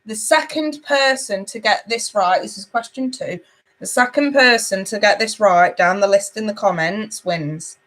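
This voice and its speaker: A woman's voice: mid-range voice, unhurried, a bit bright. Chatty woman reading tarot live. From United Kingdom. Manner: chatty and affectionate, reading out viewers' comments. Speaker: tarot reader hosting a livestream. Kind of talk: casual livestream chat.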